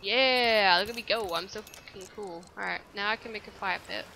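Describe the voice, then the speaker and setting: Young woman, bright tone, medium pitch, foul-mouthed let's-play commentator. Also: normal speed, creaky, a little hiss or hum. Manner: profane, reacts loudly, insults her character. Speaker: gameplay commentator.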